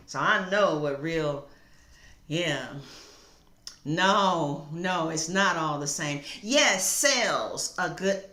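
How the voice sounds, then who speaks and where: Sassy outspoken woman in an echoey room. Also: on the low side. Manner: sassy, outspoken, talks back to chat with loud laughing asides. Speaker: tarot reader. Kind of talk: live-stream chat reading viewer comments.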